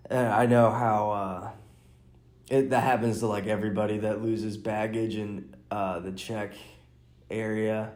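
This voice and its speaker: Slow, low-voiced man rambling in a roomy space. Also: level tone, darkish tone. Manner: rambling, restarts sentences, chuckles. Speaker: podcast host and stand-up comic. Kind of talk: casual solo podcast chat. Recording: roomy echo.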